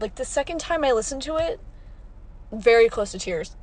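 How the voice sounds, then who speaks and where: A woman's voice: a little high, animated, moderate pace, a little mellow. Chatty young woman podcasting from a car. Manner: rambling, chatty, laughing often. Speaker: podcast host. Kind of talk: casual chat. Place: parked car.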